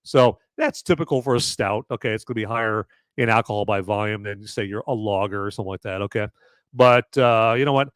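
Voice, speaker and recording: With a lowish, clear, resonant voice and a brisk delivery, this podcast host reviews a beer in a rambling, animated, casual style. He frequently ends lines with "okay?", and the recording is dry.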